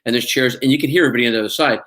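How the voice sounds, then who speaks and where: Male guest actor, mid-pitched, chatty storyteller who acts out quotes. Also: rapid-fire, a bit bright. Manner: anecdotal, acts out quoted dialogue, many fillers. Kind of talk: casual interview storytelling.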